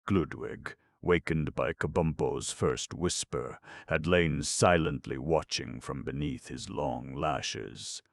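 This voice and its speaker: Deep, gravelly male storybook narrator, dry close mic. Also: slow pace, few pauses, dry recording. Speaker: audiobook narrator.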